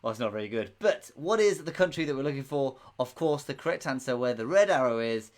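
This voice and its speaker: A man's voice: medium pitch, expressive, fast talker. A man hosting a casual live quiz stream, chatty and rambling, often laughing. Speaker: quiz host.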